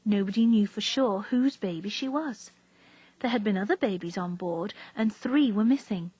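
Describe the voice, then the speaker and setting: Slightly husky woman reading a story. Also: medium pitch, moderate pace, dark tone, dry recording, poor audio. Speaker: reader. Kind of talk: storybook read-aloud.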